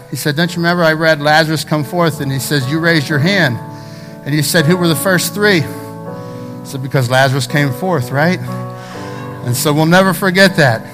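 A middle-aged male pastor preaching a sermon with passion, moving from loud exclamations to hushed asides and talking straight to his congregation. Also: on the high side. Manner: conversational preaching with repeated phrases and direct address to the congregation.

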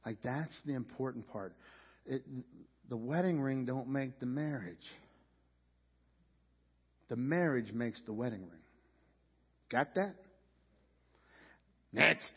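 A male pastor preaches a sermon in a church sanctuary in a loose, conversational way, often restarting sentences and repeating words as he begins them. His mid-range voice is slow with lively intonation, long pauses and a breathy edge. The sound is dull, with the long reverb of a church hall.

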